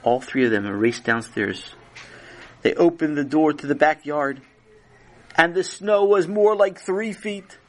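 A man narrating a children's story with animated, dramatic storytelling. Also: on the high side, unhurried, pauses often.

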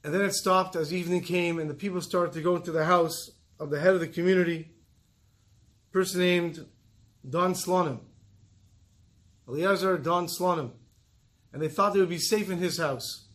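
A man giving a sermon, telling a story earnestly and slowing down for emphasis. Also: high-pitched, fairly bright tone.

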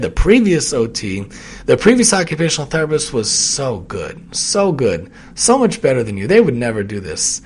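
A man, an occupational therapist, talking earnestly and casually about handling difficult people, repeating phrases and swelling into loud emphatic bursts. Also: medium pitch, huge pitch swings, normal speed, breathy edge. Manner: earnest, repetitive, builds to loud emphatic peaks. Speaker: occupational therapist sharing reflections. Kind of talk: casual spoken reflection.

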